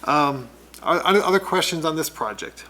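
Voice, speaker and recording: A man on city staff giving a report at a public commission meeting, talking haltingly with many pauses and fillers. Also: fairly high pitch, animated, sharp tone, slight background noise, low-quality recording. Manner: hesitant, many ums and restarts. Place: council meeting room.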